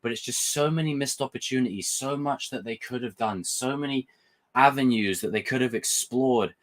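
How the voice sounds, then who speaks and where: Excitable young man ranting casually. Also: mid-range voice, normal speed. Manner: excitable, rambling, swears freely. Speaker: host. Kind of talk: casual livestream review.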